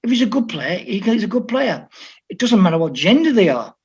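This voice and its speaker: An older man from Liverpool talks as a guest about his coaching years, animated and anecdotal, often restarting his sentences. His voice sits fairly high for a man, and the recording sounds dull and lo-fi. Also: fairly quick, breathy edge. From Liverpool, England. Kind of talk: storytelling interview talk. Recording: dull lo-fi audio.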